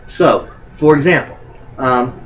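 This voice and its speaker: A man's voice: mid-range voice, slow pace, a bit bright, poor audio. A man teaching in a recorded lecture, talking informally and using many filler sounds.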